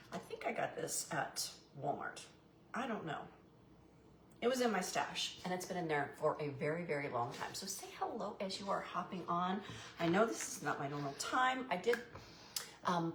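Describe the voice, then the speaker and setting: A middle-aged woman, chatting casually as host of a craft livestream and greeting viewers by name. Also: low voice. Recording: echoey room with faint noise.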